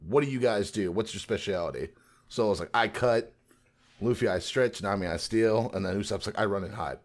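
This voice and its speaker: A man chatting on a podcast, animatedly retelling scenes and slipping into quick character voices. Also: lowish voice. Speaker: podcast co-host. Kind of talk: casual podcast discussion.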